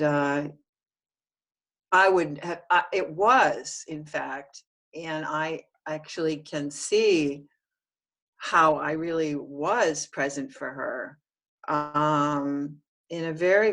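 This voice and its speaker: A woman in a guided self-inquiry session, talking through her feelings in a hesitant, halting way, often restarting. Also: low voice, fairly bright tone. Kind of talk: reflective one-on-one session talk.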